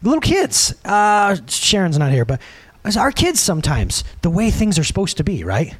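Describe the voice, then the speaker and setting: Guy pastor preaching, chatty and lively, voice swoops up and down, kinda high. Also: normal speed. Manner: conversational, animated, acts out quotes. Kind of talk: sermon.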